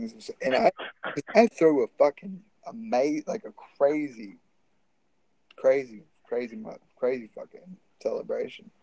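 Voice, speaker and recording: A man's voice: mid-range voice, gravelly, dark tone, breathy edge, dry recording, low-quality recording. A man telling a story in a casual, rambling and profane way.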